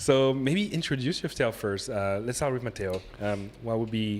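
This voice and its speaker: A man's voice: medium pitch, lively intonation, fast talker, slight background noise. An upbeat, chatty man hosting a casual livestream conversation with guests at a convention. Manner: upbeat, chatty, reads out chat messages. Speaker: livestream host. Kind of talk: casual chat. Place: convention venue.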